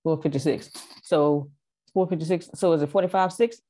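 A woman's voice: low-pitched, brisk, warm tone. A woman taking part in an online class over a video call, joining in playfully. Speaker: class participant.

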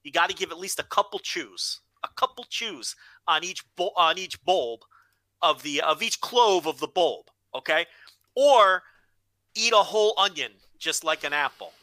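A man co-hosting a podcast, telling a story with plenty of swearing in a casual, animated way. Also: on the high side, normal speed, no echo, rough recording. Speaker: podcast co-host.

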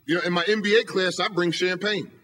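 Man giving a podium motivational talk, high and bright, emphatic, rhetorical. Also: fairly even intonation, quick pace. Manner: emphatic, hammering rhetorical questions. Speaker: motivational speaker and professor. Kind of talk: motivational speech. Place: lecture hall podium.

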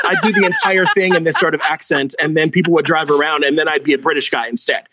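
A man in his forties from California, calling in to a talk show and chatting casually, telling self-deprecating stories with a mimic's lively delivery. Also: fairly high pitch, quick pace, hardly any pauses. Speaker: caller. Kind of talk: casual call-in chat.

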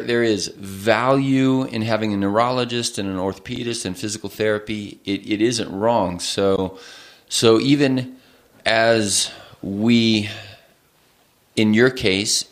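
A man who is a family doctor, explaining things thoughtfully in an interview, often restarting his sentences. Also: on the low side.

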